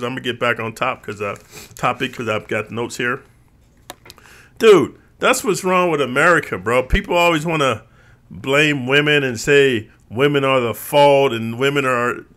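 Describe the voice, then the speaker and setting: Bright-voiced man ranting profanely. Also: medium pitch. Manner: profane, streetwise, says bro a lot; lively, mimics others in quoted voices. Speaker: channel host. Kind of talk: ranting monologue to viewers.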